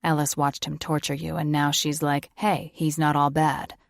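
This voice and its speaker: A woman's voice: sits low, level tone, moderate pace, vocal fry, no echo. A woman narrating an audiobook and voicing a sarcastic young man who teases in dry, mocking banter. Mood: sardonic.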